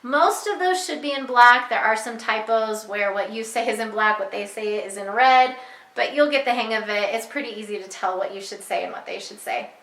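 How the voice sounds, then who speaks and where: Bright-voiced woman teacher, echoey room. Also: fairly high pitch. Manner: clear, patient, slows to model sounds. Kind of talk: instructional walkthrough for parents.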